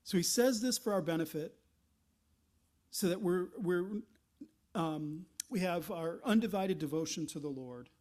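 A man delivering a sermon with a fairly high voice. He preaches conversationally, stumbling and restarting phrases, and slips into short acted-out asides as he explains his point. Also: expressive, unhurried, darkish tone. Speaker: pastor.

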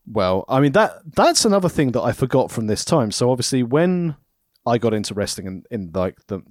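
A man's voice: medium pitch, big pitch swings, brisk, no room sound, clean studio sound. A man co-hosting a casual chat, making wry jokes. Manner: wry, jokey. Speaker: podcast co-host.

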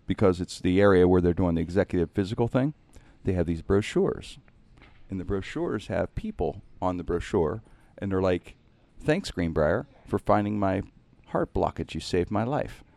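On a dry recording, a middle-aged host with a low voice tells a long, funny story in casual conversation. He's lively and playful, acting out the lines of other people.

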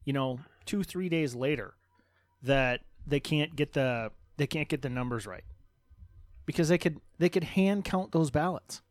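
A man's voice: fairly high pitch, measured pace, no room sound, clean studio sound. A man co-hosting a casual political talk show, speculating in a wry, conversational way. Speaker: podcast co-host.

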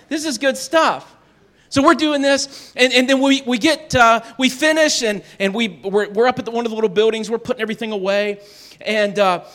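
Brief: middle-aged man, high-pitched voice, folksy storyteller, self-deprecating. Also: fairly bright tone. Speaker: speaker telling a family story to an audience. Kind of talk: animated storytelling talk.

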